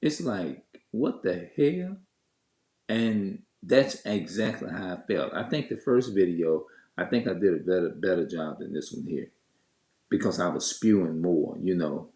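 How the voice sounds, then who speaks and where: A man's voice: deep voice, moderate pace, darkish tone. A man telling viewers a story in a heated, cursing rant, stopping and restarting often. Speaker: vlogger. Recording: echoey room.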